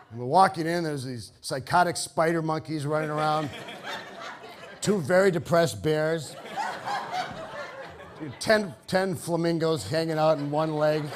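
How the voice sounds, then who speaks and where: Wry older male storyteller, higher pitched. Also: background noise. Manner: wry, halting restarts. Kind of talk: live comic storytelling monologue. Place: theater stage, live.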